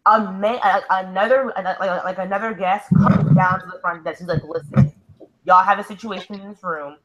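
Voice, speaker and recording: Young female co-host, bright tone, rambling storyteller full of "like". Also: medium pitch, steady tone, moderate pace, dull audio. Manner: says "like" constantly, storytelling. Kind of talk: casual chat.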